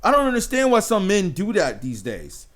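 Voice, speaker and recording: His voice sits high and swings hugely in pitch, at a normal speed with a fairly bright tone. He hosts a channel, talking to camera in a casual monologue that's blunt and emphatic, often tagged with "man" and "right?".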